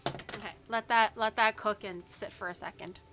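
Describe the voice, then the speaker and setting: A woman's voice: mid-range voice, steady tone, moderate pace, music in the background. A woman vtuber chatting casually to her chat while cooking at home, with frequent swearing and stuttered, repeated words. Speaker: vtuber streamer. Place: home kitchen.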